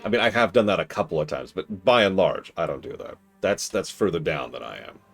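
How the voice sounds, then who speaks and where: A man streaming a strategy game, chatting casually and animatedly, with mock-exasperated outbursts and quiet mutters to himself while he plays. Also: low voice, expressive, fairly quick, creaky, soft background music.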